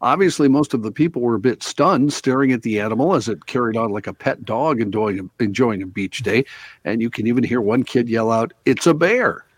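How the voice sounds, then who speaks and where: A man's voice: mid-range voice, a little fast, slightly rough. A man hosting a casual talk radio show, reading news stories aloud and then chatting about them with his co-hosts. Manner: reads news items then chats loosely.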